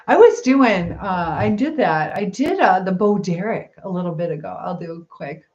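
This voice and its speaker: A woman's voice: medium pitch, animated, moderate pace, a little mellow, lo-fi sound. A woman hosting a casual live-stream chat, answering viewers as she braids her hair.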